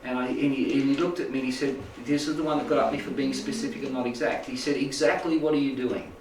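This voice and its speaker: A spiritual healing teacher rambles through an informal talk to a small live audience, checking in with "right?" and "make sense?" along the way. His mid-range voice is a little mellow, with fairly even intonation and a quick pace. The mic sits at a distance in an echoey indoor room, with a little hiss or hum.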